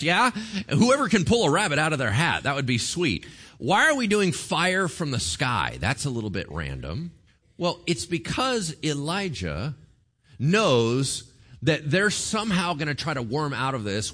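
Man preaching, bright voice, bouncy and chatty, cracks jokes. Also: fairly high pitch. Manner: lively, jokey and conversational. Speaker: pastor. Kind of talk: sermon.

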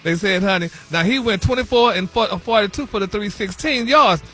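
On a comedic morning radio bit, a man plays a flamboyant, sassy celebrity gossip correspondent, calling everyone honey and y'all in a gossipy mood. He has a high, slightly bright voice and speaks at a moderate pace.

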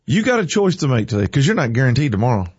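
A man's voice: mid-range voice, sing-song, very fast, darkish tone, slightly rough, no echo, lo-fi sound. A man hosting a morning show, chatting folksy and then preaching with energy. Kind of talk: casual chat turning to preaching.

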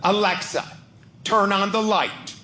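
A man's voice: high voice, steady tone, slow pace, bright, forceful tone, a little hiss or hum, heavily acted. A man doing his stubborn, unbothered old mom. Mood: matter-of-fact. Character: exasperated elderly mother, stubborn and unbothered.

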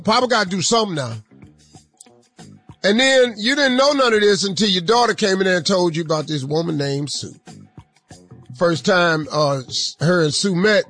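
A man's voice: high-pitched, fairly bright tone. A man hosting a radio advice segment, reading a letter aloud with playful, drawling comic asides.

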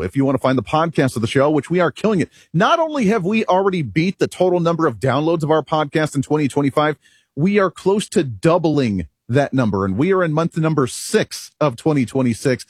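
A male radio talk show host with a husky, medium-pitched voice delivers an opinionated monologue, emphatic and rhetorical. He chuckles at himself now and then, and the recording is dry and clean, studio-grade.

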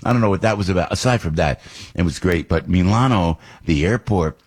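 Radio host, male, husky low voice, chatty rambling monologue. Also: fairly quick. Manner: rambling, animated storytelling with restarts. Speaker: radio talk show host.

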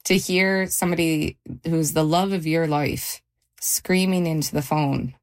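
A woman's voice sits low and carries a rough, gravelly edge. She recounts her own experience for a radio interview in a measured way, pausing and restarting as she goes. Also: fairly even intonation. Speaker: interview guest, mother. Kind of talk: personal account in a radio interview.

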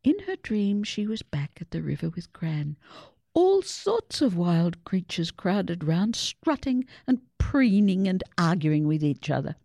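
A woman reading a children's picture book aloud with a very lively, sweeping pitch and an unhurried pace. Her voice is gravelly, husky and mellow, recorded dry and close. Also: no echo. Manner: slow and expressive. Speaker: storyteller.

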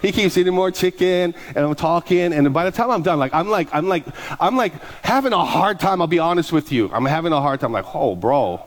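Man, pastor, animated sermon storytelling, voices both sides of conversations, slightly high voice. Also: a little fast.

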